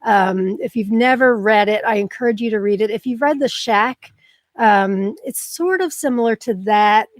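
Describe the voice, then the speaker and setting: A middle-aged woman with a medium-pitched voice hosts a live online show, chatting with viewers at a moderate pace. She's warm, effusive and emotional, with lots of ums, and the studio sound is clean with no room noise.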